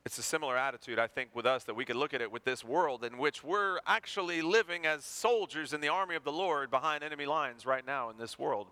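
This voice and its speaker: A man preaching a sermon, animated and acting out everyday people to make his points. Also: a little high, fast talker, few pauses. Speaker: pastor.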